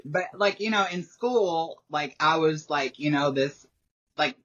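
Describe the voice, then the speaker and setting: Husky woman. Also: deep voice, unhurried, fairly bright tone. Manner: rambling, heavy use of "like", frequent laughter. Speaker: podcast guest. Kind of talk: casual interview chat. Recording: dull lo-fi recording.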